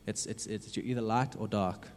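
Man preaching, low mellow voice, earnest and repetitive, swinging between loud and hushed, long hall reverb. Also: steady tone, normal speed. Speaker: youth preacher. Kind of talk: sermon.

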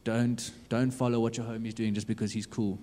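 A man preaching a sermon, earnestly urging his listeners with lots of repetition, swinging from loud to hushed. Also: mid-range voice, little pitch movement, fairly quick. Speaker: youth preacher. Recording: long reverb of a hall.

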